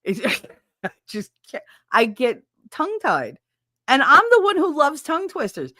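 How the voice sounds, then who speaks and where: A woman's voice: sits high, wildly swooping pitch, a little slow, pushed and bright, no echo, clean studio sound. A woman hosting a podcast from her bedroom at home, chatting casually with her live viewers, swearing freely and laughing often at herself. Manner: chatty and self-mocking. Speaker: podcast host.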